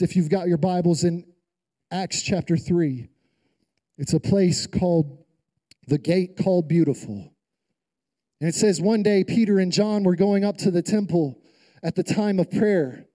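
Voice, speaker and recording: Male preacher, high warm voice, rousing call-and-response sermon delivery. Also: low-quality recording. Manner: preacherly call-and-response, rising to emphatic peaks. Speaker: pastor.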